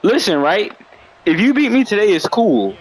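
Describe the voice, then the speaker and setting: A young man, trash-talking loudly over a football video game and jumping into yelps and shouts. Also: high voice, very animated, normal speed, slight background noise, low-quality recording. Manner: loud, teasing, jumps into yelps and shouts. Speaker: gamer streamer.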